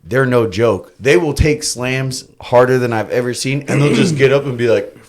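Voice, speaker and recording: A man's voice: medium pitch, moderate pace. A young man from Florida, a podcast guest, telling wild stories casually and laughing, acting out the lines of the people in them. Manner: laughing, animated anecdotes with acted-out quotes. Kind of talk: casual storytelling.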